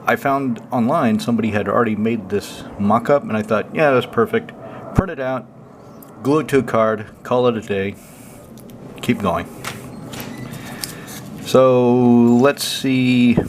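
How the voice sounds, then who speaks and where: A man's voice: medium pitch, unhurried, long pauses, noisy background. A man hosting a casual deck walkthrough, rambling loosely and swearing freely. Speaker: deck-building channel host.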